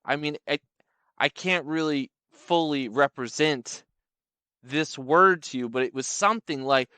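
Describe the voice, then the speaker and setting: A young man tells comic stories in a wry, rambling, playful way. His voice is bright and smooth. The recording is dry and close. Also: fairly high pitch, measured pace, dry recording. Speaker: comedic storyteller. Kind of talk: comedic storytelling.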